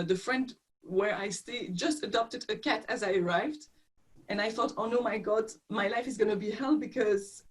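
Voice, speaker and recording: A woman with a French accent speaking on a group video call, pausing often to search for words. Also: medium pitch, low-quality recording. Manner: hesitant, searching for words with many fillers. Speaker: session participant.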